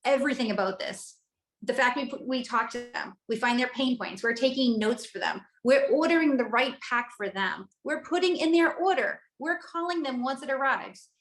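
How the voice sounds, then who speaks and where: A woman's voice: high voice, animated, normal speed, roomy sound, rough recording. A woman guest speaker giving sales coaching, enthusiastic and conversational as she walks through her script.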